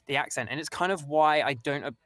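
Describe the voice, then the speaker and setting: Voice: medium pitch, fast talker, fairly bright tone. A voice actor guest in a casual chat, rambling with many restarts and fillers.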